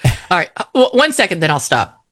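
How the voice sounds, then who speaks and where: A woman's voice: fairly low pitch, very animated, brisk, fairly bright tone, no room sound. A woman co-hosting a radio show in the studio, playful and giggly in banter. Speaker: radio co-host.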